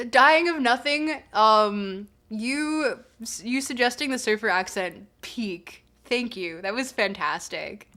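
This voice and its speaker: Woman streamer, chatty, giggly, filler-heavy, slightly high voice, casual explaining. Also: slow pace, hardly any pauses, bright, forceful tone. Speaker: streamer reading and explaining philosophy. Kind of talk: casual live-stream commentary.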